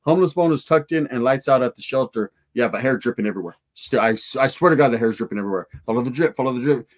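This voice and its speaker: A man's voice: medium pitch, rapid-fire. Laid-back man hosting a livestream chat. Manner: street slang with Spanish words, profane, laid-back. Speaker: livestream host. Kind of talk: casual livestream chat reading comments.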